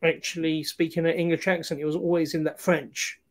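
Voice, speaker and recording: A man's voice: on the high side, level tone, fairly quick. A man co-hosting a film review show in casual chat, hesitant, with many fillers and restarts. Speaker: film review podcast co-host.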